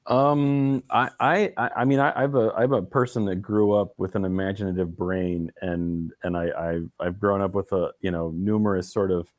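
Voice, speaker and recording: A man answering interview questions in a relaxed, halting way, with many restarts and fillers. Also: sits low, no room sound. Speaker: guest. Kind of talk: casual interview conversation.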